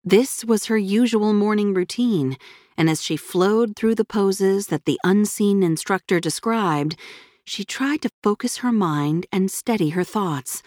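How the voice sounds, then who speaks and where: This medium-pitched woman narrates an audiobook from a script, telling the story in a calm, even way. The audio is dry and of studio quality.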